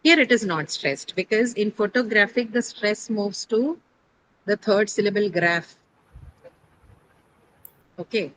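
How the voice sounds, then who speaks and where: A woman teaching pronunciation in a classroom. She explains step by step, quizzes her students, stops to correct herself and often pauses on fillers. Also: medium pitch, a bit bright, dry recording, poor audio.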